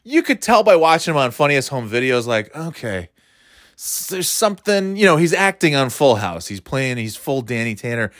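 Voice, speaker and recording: A man's voice: mid-range voice, normal speed, no room sound. Rambling profane man, dry sound. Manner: rambling, profane, animated impressions. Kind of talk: casual comedic monologue.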